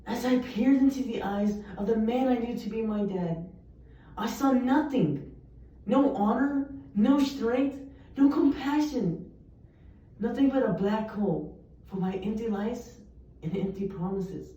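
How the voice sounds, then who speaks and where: A young woman recites a set of poems in an earnest, emphatic way. Her voice sits fairly high and sounds mellow. The recording is muffled and distant, with a lot of room echo. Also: unhurried. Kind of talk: poetry recitation.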